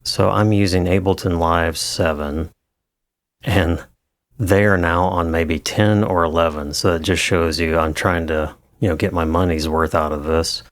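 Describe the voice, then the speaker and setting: A man with a low voice explains audio editing in a relaxed tutorial, with many fillers and restarts. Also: measured pace, dry recording, studio quality. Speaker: audio engineer teaching. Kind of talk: screen-recorded tutorial.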